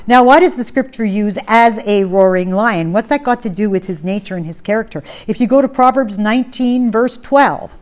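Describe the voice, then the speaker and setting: A woman in the middle of a sermon, pressing her points with repeated phrases and rhetorical questions. She drops her pace to read verses aloud, and her voice sits at an ordinary middle pitch. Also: darkish tone. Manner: slows down to read scripture aloud. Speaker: preacher.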